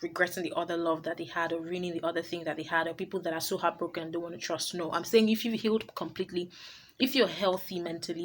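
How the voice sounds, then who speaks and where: A woman's voice: on the low side, slight background noise. A woman hosting her own advice vlog, talking to camera in a blunt, emphatic way. She laughs easily and often repeats her points. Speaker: vlogger host.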